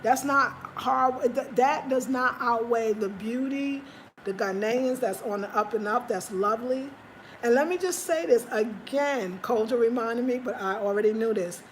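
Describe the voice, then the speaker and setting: A woman's voice: a little high, moderate pace, slight background noise. A woman vlogging in casual chat, rambling and emphatic. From United States.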